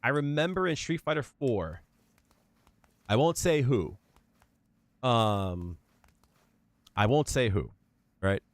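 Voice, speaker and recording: A man with a medium-pitched voice chats casually on a stream, telling stories in a profane, emphatic way. He's animated but slow, pausing often, and there's no echo.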